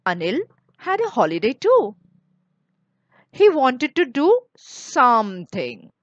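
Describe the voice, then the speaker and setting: A woman reading a children's story aloud, slow and expressive. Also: high-pitched, no room sound, highs cut off.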